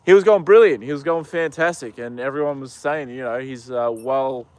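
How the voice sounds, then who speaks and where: A man's voice: mid-range voice, normal speed, darkish tone, no room sound. A young Australian man chatting casually on a live stream outdoors, rambling with lots of ums and uhs. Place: outdoors with a horse.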